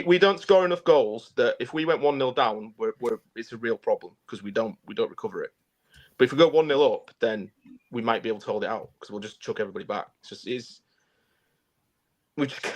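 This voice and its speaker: Blunt male co-host, middle pitch, talks in restarts and repeats. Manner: blunt, repeats words while thinking. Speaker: podcast co-host. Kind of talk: casual football chat.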